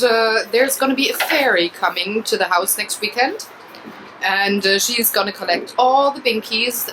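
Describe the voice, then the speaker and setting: A woman's voice: medium pitch, noisy background. A woman vlogging in a casual, chatty way at an outdoor flea market, talking to the camera she holds and laughing easily. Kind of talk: casual chat.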